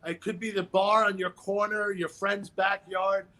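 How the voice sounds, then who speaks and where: Male comedian guest, higher pitch, rambling joke-teller. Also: little pitch movement, unhurried, sharp tone. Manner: rambling storytelling with punchlines. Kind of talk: stand-up style chat.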